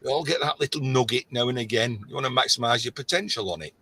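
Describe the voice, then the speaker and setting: A man's voice: medium pitch, fast, sharp tone, breathy edge, low-quality recording. An Irish man in his sixties rambling through stories in casual chat, with stop-start phrasing. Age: 60s. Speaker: scrapper on a live chat.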